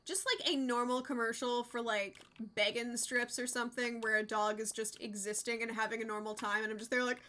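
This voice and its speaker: A young adult woman streaming a game and chatting casually, expressive and quick to swear. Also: on the high side. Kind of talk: casual livestream chat while gaming.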